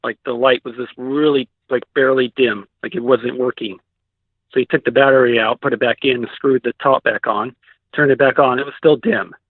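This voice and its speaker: Calling in on a dry, tinny phone line, a Pacific Northwest American man tells an interview show about a sighting he had. His medium-pitched voice is steady and moderately paced with no echo, though his telling is casual and rambling, packed with "likes" and restarts.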